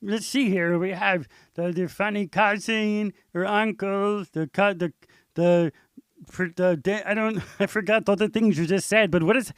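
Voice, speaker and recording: A man's voice: high voice, steady tone, unhurried, clean tone, no echo, clean studio sound. A man voicing a puzzled show producer who muses and trails off. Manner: musing, unsure, trailing off.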